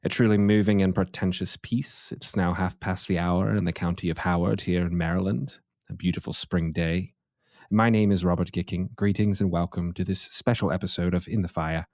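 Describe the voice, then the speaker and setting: A man's voice: low voice, fairly even intonation, moderate pace, darkish tone, no echo, studio quality. A man voicing a pompous male radio host in a put-on British accent, with stilted, pretentious wording.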